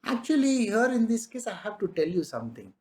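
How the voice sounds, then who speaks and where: Lively man giving a spiritual discourse. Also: high-pitched, a little fast. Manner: conversational, rhetorical questions, chuckles often. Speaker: spiritual teacher.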